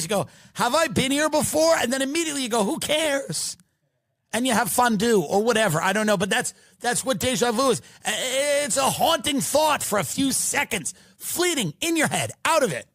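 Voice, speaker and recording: A man's voice: extremely high pitch, fairly bright tone, dry recording, studio quality. A man hosting a podcast, delivering a mocking comedic rant and swearing freely. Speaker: podcast host.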